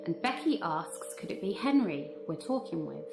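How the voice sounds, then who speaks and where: A woman's voice: on the low side, big pitch swings, normal speed, gravelly. A woman narrating a recap of a paranormal investigation in an earnest, suspense-building manner. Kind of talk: vlog voice-over recap. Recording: echoey room with music behind.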